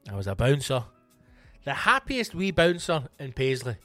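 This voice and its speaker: This Scottish man, mid-pitched and very animated, runs his comedy podcast by himself at a normal speed, speaking straight to listeners. He swears liberally and adopts a mock-grand tone to answer their questions, with faint music beneath him in a dry recording that sounds a bit bright.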